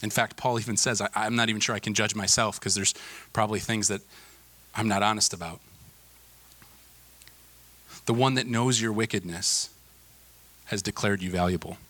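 A man in his thirties preaching a sermon, earnest, swelling to emphatic peaks and then dropping soft. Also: on the low side, fairly even intonation, normal speed, long pauses. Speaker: pastor.

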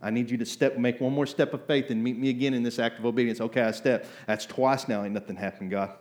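A man's voice: medium pitch, steady tone, fast talker, darkish tone. Conversational man preaching with emphatic bursts. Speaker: pastor. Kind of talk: sermon.

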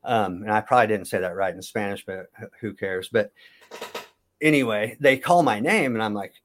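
A man's voice: lowish voice, moderate pace, a bit bright. A man in his fifties from Kansas, a former wrestler telling long stories in a casual interview, often correcting himself as he goes. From Kansas, USA. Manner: rambling, self-correcting storyteller.

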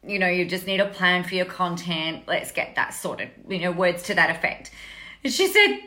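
A woman's voice: lowish voice, lively intonation, normal speed, sharp tone. A woman with an Australian accent, chatting casually to camera as a business coach, telling a story with lots of swearing and laughter.

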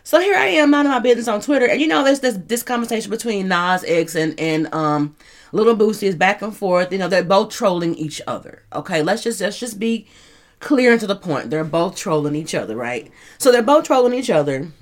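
A woman's voice: medium pitch, lively intonation, brisk. A woman hosting a casual commentary show, chatty, rambling and laughing as she talks. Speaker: host.

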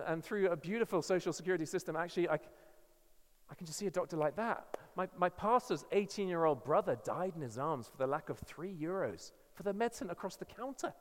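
A man with an English accent preaches earnestly, pressing each point hard and often stumbling over his starts. His voice sits high for a man. Long reverb from the church hall trails behind every phrase. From England. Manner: earnest and emphatic, with frequent restarts. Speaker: guest preacher. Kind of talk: sermon.

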